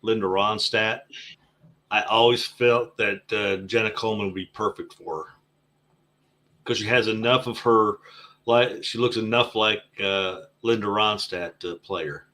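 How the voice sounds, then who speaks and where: Bright, thoughtful low-voiced man. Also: fairly even intonation, unhurried. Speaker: podcast co-host. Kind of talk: casual fan chat.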